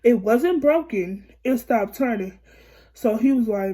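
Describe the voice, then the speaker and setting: A woman's voice: fairly high pitch, expressive, unhurried, mellow. Heated woman telling a storytime. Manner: heated, profane retelling with quoted back-and-forth. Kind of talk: casual storytime vlog.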